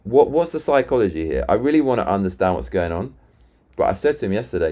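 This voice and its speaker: Man, very low voice, casual rambling stream talk, retells arguments, stumbles and restarts. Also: lively intonation, fast talker, warm tone. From Britain. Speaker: live-stream host. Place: London.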